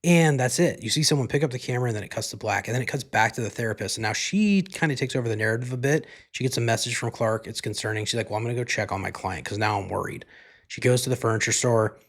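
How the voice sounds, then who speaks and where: Young male podcast host, casual solo recap, profane, filler-heavy, mid pitch. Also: fast, hardly any pauses. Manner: loose and profane, many fillers, acts out lines in quotes. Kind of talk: casual solo podcast, retelling a movie plot.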